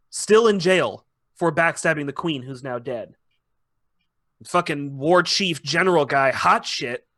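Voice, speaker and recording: A high, bright male voice telling a story in loose, sweary podcast chat, tossing in quick mock voices as he goes. The sound is close and dry, with no room behind it. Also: dry recording. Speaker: podcast host. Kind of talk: casual profane recap of a TV finale.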